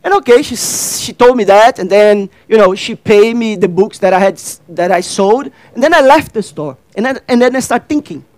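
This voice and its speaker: On stage, a man with a high voice leads an interactive workshop talk at normal speed with few pauses, quizzing and addressing the audience and acting out dialogue. His grammar is non-native and he repeats phrases; the audio is poor, though without echo.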